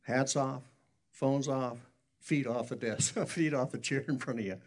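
A man's voice: medium pitch, steady tone, measured pace. A man preaching a sermon in a folksy, rambling storytelling way, often correcting himself and chuckling. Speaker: pastor.

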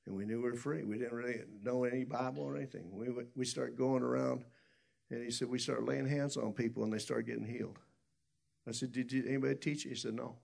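Gravelly-voiced man preaching a sermon. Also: mid-range voice, steady tone, quick pace, darkish tone. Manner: rambling storytelling with many restarts.

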